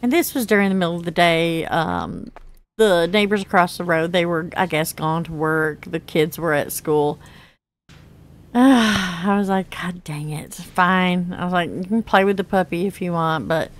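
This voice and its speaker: Chatty woman telling stories while gaming. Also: unhurried. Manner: chatty, laughs often, acts out quotes with big pitch jumps. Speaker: gaming channel host. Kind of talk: casual storytelling while playing a game.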